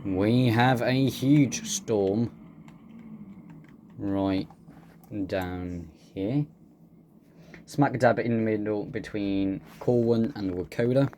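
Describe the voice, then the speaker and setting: A man's voice: fairly low pitch, drawn-out words, pauses often, mellow, a little hiss or hum. A man giving casual, joking gameplay commentary, laid-back and swearing freely. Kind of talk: casual let's-play commentary.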